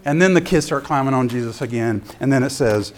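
A man giving a sermon-style ministry talk as an animated storyteller who acts out scenes. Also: mid-range voice, a little fast, slight background noise. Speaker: ministry speaker.

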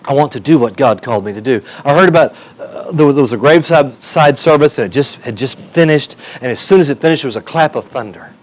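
A man's voice: medium pitch, animated, fast, few pauses. A male pastor preaching a sermon in an emphatic, folksy way with humor.

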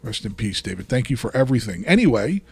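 A man hosting a casual podcast, talking in an animated, joking way with lots of fillers. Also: mid-range voice, fast talker, gravelly, breathy edge, soft background music. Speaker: podcast host.

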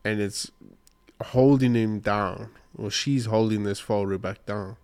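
A man's voice: fairly low pitch, steady tone, unhurried, darkish tone, clean tone. A man vlogger telling a hunting story in a rambling, emotional way, choked up and sniffly. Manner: emotional, rambling retelling with restarts. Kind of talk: casual storytelling to camera.

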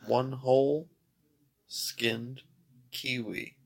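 A man's voice: medium pitch, little pitch movement, very slow, creaky, slightly rough. A man in casual chat, teasing and joking, who keeps yawning and sounds tired. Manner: joking, teasing, laughs often.

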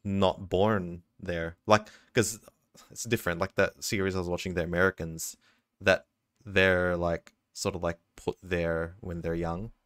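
A man's voice: sits low, level tone, measured pace, a bit bright, no room sound, studio quality. A man chatting casually about a film, rambling and thinking aloud with many fillers. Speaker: film discussion participant. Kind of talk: casual chat.

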